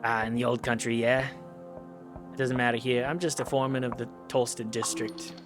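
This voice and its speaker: A man voicing a gruff, menacing dwarf foreman who growls his lines, over music. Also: mid-range voice, fairly even intonation, a little fast, voice pushed down, lightly acted.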